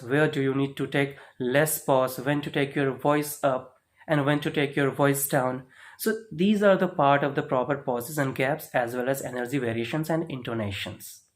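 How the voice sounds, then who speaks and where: A man teaching a spoken lesson, explaining step by step and checking in with "right?" and "okay?". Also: on the high side. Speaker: English speaking teacher.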